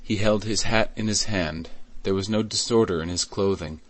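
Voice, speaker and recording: A man reading a classic novel aloud as an audiobook in a measured, even way. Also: on the low side. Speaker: audiobook reader. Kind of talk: scripted narration.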